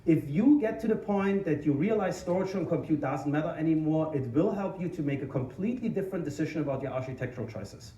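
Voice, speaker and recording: A man's voice: fairly high pitch, fast, hardly any pauses, recorded from a distance. German-accented man speaking in an echoey hall. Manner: energetic, informal, self-deprecating, many restarts. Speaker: conference speaker. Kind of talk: tech conference talk. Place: conference hall. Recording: echoey hall, mic from afar.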